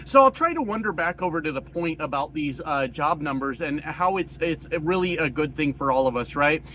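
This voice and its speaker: Profane, hoarse rural Colorado man ranting. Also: on the high side, animated, moderate pace, pushed and bright, a little hiss or hum. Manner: profane, angry, rambling with many fillers. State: hoarse, coughing. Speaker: political commentator. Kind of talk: casual political rant.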